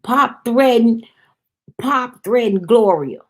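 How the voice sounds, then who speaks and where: A woman's voice: a little high, expressive, slow pace, pitched above the performer's own voice. A woman voicing an angry grown son who challenges his father with pointed questions. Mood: defiant.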